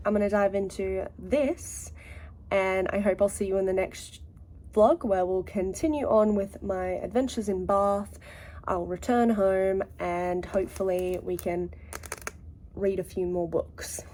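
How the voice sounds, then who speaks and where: A woman's voice: medium pitch, fairly even intonation, measured pace, mellow. A woman book vlogger talking casually and enthusiastically to camera. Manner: chatty and enthusiastic, many "like" fillers. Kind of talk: casual vlog chat.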